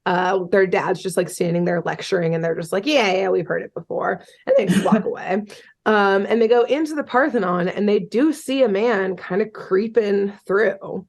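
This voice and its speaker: A woman hosting a podcast, talking at an ordinary middle pitch. She retells a story in a loose, chatty way, full of fillers and casual cursing. The tone stays relaxed and conversational throughout. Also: moderate pace, hardly any pauses. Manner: chatty, swearing, many fillers like "um" and "like". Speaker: podcast host. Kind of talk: casual chat, retelling a cartoon episode.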